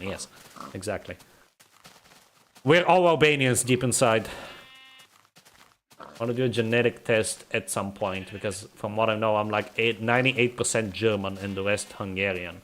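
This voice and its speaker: A man's voice: lowish voice, normal speed, long pauses, fairly bright tone, slight background noise. A man from the Balkans, streaming a game and chatting casually, grumbling and rambling as he laughs at himself.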